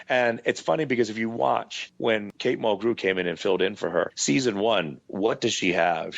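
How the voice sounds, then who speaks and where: A man, a guest in a casual interview, telling animated anecdotes and checking in with "right?". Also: sits low, creaky, no room sound, muffled recording. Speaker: actor guest.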